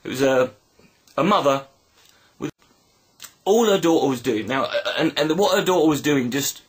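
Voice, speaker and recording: A man telling a personal story in a reflective video monologue, halting and earnest with many restarts. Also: a little high, animated, breathy edge. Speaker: video blogger.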